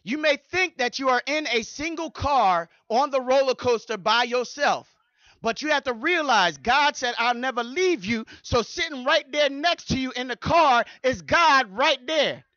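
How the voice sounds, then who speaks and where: Male pastor preaching, high bright voice, rhythmic repetition, dry slightly dull recording. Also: animated, unhurried, no echo. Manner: preaching with repeated rhythmic phrases. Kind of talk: sermon.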